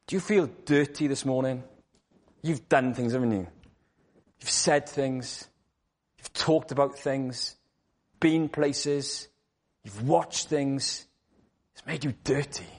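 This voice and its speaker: A man's voice: mid-range voice, takes it slowly, pauses often. Earnest man preaching. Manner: earnest, with rhetorical questions and repetition. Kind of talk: sermon.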